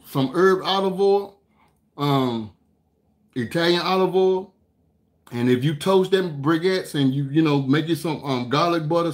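Folksy guy with aave talking cooking, chatty storytelling, kinda high voice. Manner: folksy, chatty, drawn-out storytelling with lots of "man" and "y'all". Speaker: cooking channel host. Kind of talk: casual cooking talk to viewers.

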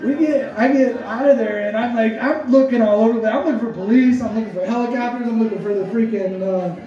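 A man telling a comic story, rambling and animated with many fillers. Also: very high-pitched, fast, a crowd in the background. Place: storytelling event hall. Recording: echoey room, distant dull mic.

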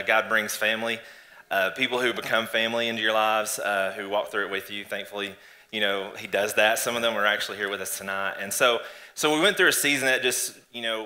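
A man in church, earnestly and reflectively telling his story of faith in a conversational testimony, with halting restarts. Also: medium pitch, sharp tone. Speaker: church guest sharing testimony. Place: church stage before an audience.

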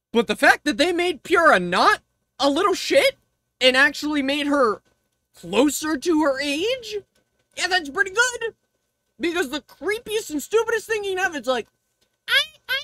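A woman's voice: sits high, no echo. A woman streamer chatting casually on a livestream, ranting and swearing freely. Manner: ranting, profane, animated.

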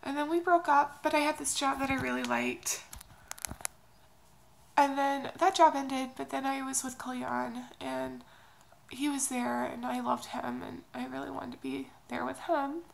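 A young woman from Oklahoma, crying as she talks through an emotional personal update in a halting, confessional way. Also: high voice, steady tone, vocal fry, slight background noise, low-quality recording. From Oklahoma, USA. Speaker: vlogger.

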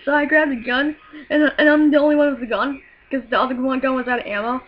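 A woman's voice: sits high, steady tone, quick pace. A woman telling a story in a rambling, profane, giggly way, in casual storytelling. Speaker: vlogger. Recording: muffled lo-fi with faint hiss.

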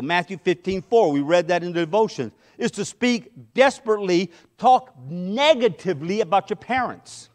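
A middle-aged man delivers a sermon from the pulpit with a strikingly high voice. He preaches with passion, pushing hard on key points and then pulling back into hushed asides. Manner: impassioned, swinging between loud emphasis and hushed asides. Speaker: pastor.

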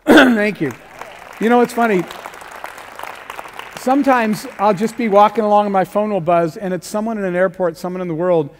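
A middle-aged man giving an energetic motivational talk as a keynote speaker, telling stories and acting out the dialogue. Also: high voice. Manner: energetic storytelling, acts out dialogue, rising emphasis. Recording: long hall reverb.

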